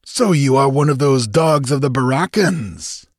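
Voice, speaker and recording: A man voicing a grim, vain pirate captain in an audiobook reading, with loud, grating, angry challenges. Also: medium pitch, animated, drawn-out words, no room sound, clean studio sound, voice pushed up. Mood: hostile.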